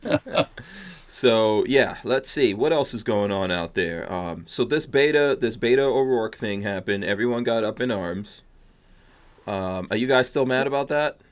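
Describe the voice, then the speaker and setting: A man's voice: mid-range voice, expressive, measured pace. Easygoing male podcast host. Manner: reads viewer comments aloud, easygoing. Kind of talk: casual podcast chat. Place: podcast studio.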